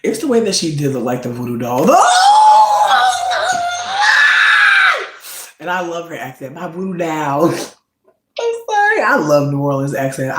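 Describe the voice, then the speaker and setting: A man chatting casually, gossiping about reality TV in a slangy, campy style. His voice swings into high squeals when he quotes reactions. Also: echoey room, rough recording. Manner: slangy, campy storytelling with frequent "bitch" and "like". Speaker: vlogger.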